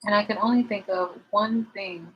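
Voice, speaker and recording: A woman's voice: mid-range voice, fairly even intonation, moderate pace, husky, lo-fi sound. A woman vlogger chatting casually to her viewers, rambling and frank, swearing freely.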